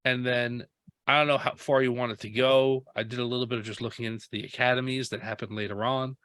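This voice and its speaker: A man's voice: mid-range voice, steady tone, fast, a bit bright, clear, resonant tone, no room sound. A man co-hosting a podcast, rambling a bit and hesitant. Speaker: podcast co-host. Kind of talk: casual podcast chat.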